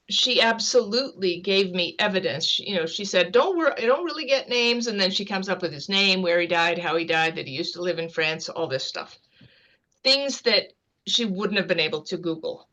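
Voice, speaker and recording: Interview guest: American woman, low-pitched, rambling and quick, on a video call. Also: sharp tone. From United States. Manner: fast, rambling, earnest. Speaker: guest author and scientist. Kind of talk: casual interview talk.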